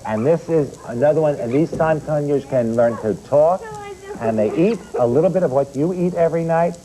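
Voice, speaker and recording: On a children's TV show, a man serves as the pet expert, explaining animals and quizzing the kids in the studio with direct questions. His voice is a little high and his pace is normal, though the recording is rough.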